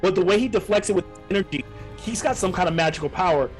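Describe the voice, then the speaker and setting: A man narrating as game master of a tabletop game over an online call, with halting, descriptive narration full of restarts. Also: high voice, faint music behind.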